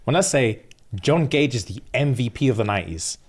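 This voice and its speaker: A man's voice: medium pitch, animated, a little fast, husky. A young man, co-hosting a casual podcast and animatedly retelling a film, acting out its characters' lines. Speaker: podcast co-host. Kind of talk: casual storytelling chat.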